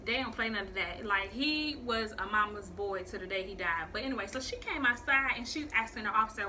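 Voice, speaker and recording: Bright-voiced young woman telling a storytime. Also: fairly high pitch, fairly quick, hardly any pauses, a little hiss or hum. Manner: profane, animated storytelling with quoted voices. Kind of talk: casual storytime vlog.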